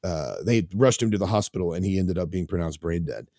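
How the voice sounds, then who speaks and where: A man's voice: deep voice, lively intonation, brisk, dark tone. A man hosting a talk radio show, chatting casually and rambling with lots of fillers.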